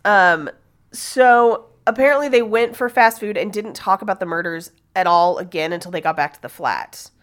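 A woman hosts a podcast, recounting a true-crime case in a loose, conversational way. She speaks at a middle pitch, laughs often and drops the odd swear. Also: normal speed. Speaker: podcast host. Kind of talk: casual true-crime storytelling.

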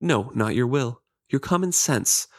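A man's voice: medium pitch, expressive, unhurried, no echo, studio quality. A man reading as an earnest young healer. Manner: read aloud from a novel, lightly voiced.

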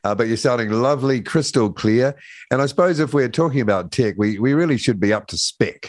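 A man's voice: mid-range voice, brisk, dry recording, clean studio sound. A man hosting a breakfast radio show, chatting and joking easily with a guest. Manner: joking, easygoing banter. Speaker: radio host. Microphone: studio microphone.

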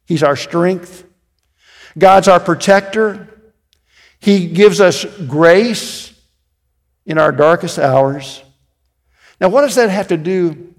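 A man pastor preaching a sermon, telling stories and dropping to quiet emphasis on key words. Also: high-pitched, big-room sound.

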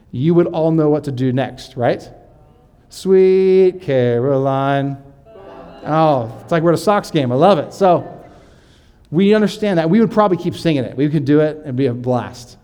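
A male pastor preaching in a church, his voice mellow and dark. He talks to the congregation in a loose, conversational way. When he reads scripture, he slows down and takes on a more solemn delivery. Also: fairly high pitch. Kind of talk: sermon with scripture reading.

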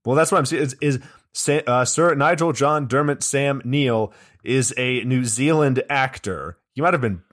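A man's voice: medium pitch, moderate pace, fairly bright tone. A man co-hosting a podcast, giving a rambling, frustrated critique of a movie in casual chat. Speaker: podcast co-host.

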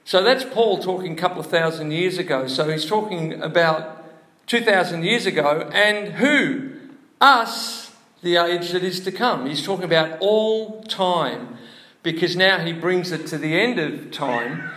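A man's voice: sits high, measured pace, sharp tone, reverberant. A man preaching a sermon to a congregation in a church, chatty and full of questions to the room. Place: church hall before a congregation.

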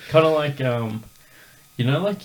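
A man's voice: fairly high pitch, expressive, unhurried. A man hosting a podcast, telling a rambling story in casual chat with lots of fillers. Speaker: podcast host.

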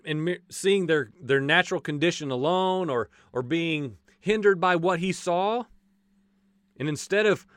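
A man preaching a casual, animated sermon, acting out voices from the stories and joking as he goes. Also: high voice, dry recording. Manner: folksy, says "y'all" and jokes.

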